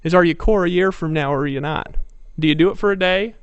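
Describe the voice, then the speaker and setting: A man's voice: sits high, quick pace, smooth, no echo, highs cut off. A man giving a persuasive motivational sales talk, telling stories and firing off rhetorical questions. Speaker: network marketing presenter.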